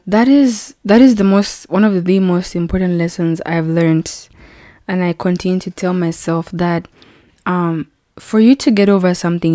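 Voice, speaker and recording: A woman in her twenties hosting her own podcast, telling a personal story in a casual, animated way and acting out the voices of people she quotes. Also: fairly low pitch, no echo, studio quality. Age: 20s. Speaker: podcast host.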